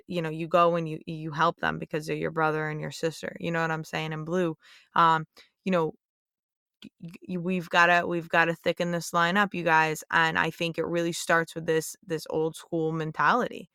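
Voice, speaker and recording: A blunt young woman cop talks straight into a close mic, a little low in pitch. She lectures her listeners with heavy profanity and hard emphasis. The sound is dry, with no room at all. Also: sharp tone, smooth, dry recording. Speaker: podcast host, police officer. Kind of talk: blunt opinionated monologue.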